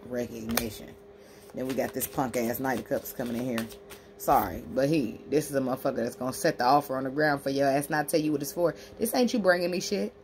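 Low-voiced, brash, profane woman. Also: fast, noisy background. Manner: brash, profane and emphatic, talking straight to the viewer; animated, acting out imagined speech in a sassy tone. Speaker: tarot reader and spiritual healer. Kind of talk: tarot card reading.

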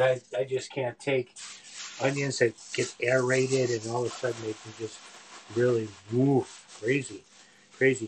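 Streaming live from his home kitchen, a sixty-something man cooks and chats in a meandering way, frequently drifting into mumbled asides. He has a mid-range voice, and there's a little hiss or hum on the recording.

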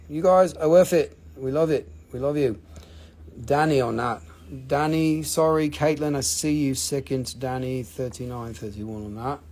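A man with a somewhat high, slightly mellow voice hosts a live crystal sale stream. He jokes around while calling out buyers' names and prices in a live sales stream chat.

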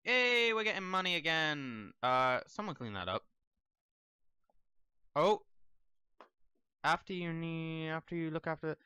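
A man's voice: a little high, big pitch swings, unhurried, pauses often, bright, forceful tone, clean tone, dry recording, clean studio sound. A young man giving casual gameplay commentary, rambling and talking to the characters on screen. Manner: rambling, talks to the game characters. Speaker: let's play gamer.

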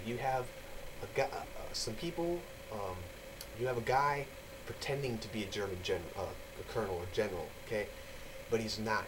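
A vlogger from the United States gives a casual, rambling explanatory talk for his video channel, packed with fillers and restarts. His voice is on the low side, with background noise in the recording.

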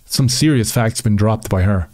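A man's voice: lowish voice, moderate pace, a little mellow, no echo, clean studio sound. A man hosting a commentary channel, talking in a combative, sarcastic way with mocking rhetorical questions. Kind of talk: opinionated commentary over screen reading.

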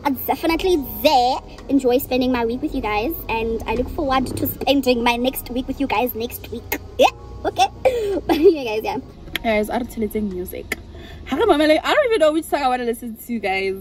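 A woman's voice: high voice, expressive, normal speed, a little mellow, faint music behind. A young woman, rambling casually to her viewers in a vlog and calling them "guys" all the time. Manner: chatty, rambling, keeps saying "guys". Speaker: vlogger.

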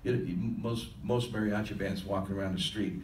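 A man's voice: deep voice, steady tone, normal speed, slight background noise. An older man, a musician, telling a rambling story to an audience at a live question-and-answer session. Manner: loose, rambling storyteller with restarts. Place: conference hall. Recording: echoey hall, heard from far off.

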